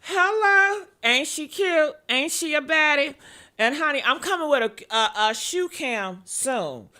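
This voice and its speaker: A woman hosting a live-stream celebrity gossip vlog, sassy and animated, calling her viewers honey. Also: high voice, a little slow. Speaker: gossip vlogger. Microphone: earpiece.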